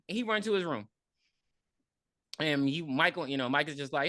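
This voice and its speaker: Pausing often at a moderate pace, a low-voiced woman co-hosts a podcast and chats through a film recap, animatedly performing the characters' quoted lines. The audio has no echo.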